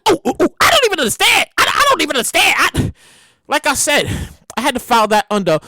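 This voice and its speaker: A woman podcast host giving comedic news commentary in an animated, exclaiming way, often repeating herself. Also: sits high, quick pace, no echo.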